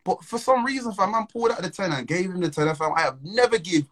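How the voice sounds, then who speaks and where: A man's voice: high voice, expressive, fast, fairly bright tone, poor audio. A young man, telling a story in casual, slang-filled chat and laughing between phrases. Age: young adult.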